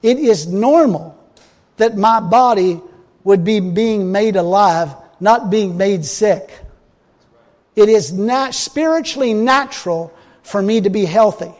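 A preacher with a strikingly high voice gives a folksy, emphatic sermon at a slow, unhurried pace. He moves between loud exhortation and quiet, wry asides, chuckling as he goes, while a large hall lends the audio a long reverb.

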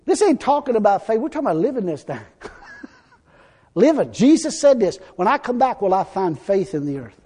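A man preaching a fiery sermon, folksy and blunt, now and then breaking into shouts. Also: high-pitched, very animated, fairly quick, breathy edge.

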